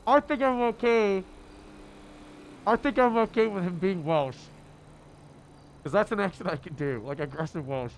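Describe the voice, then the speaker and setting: A game streamer with a fairly high man's voice talks through a t-shirt wrapped around his head, so everything sounds muffled. He swears freely and breaks into loud outbursts between plain remarks. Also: normal speed, pauses often, a little hiss or hum. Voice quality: muffled by a t-shirt over face. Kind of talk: live gameplay chat.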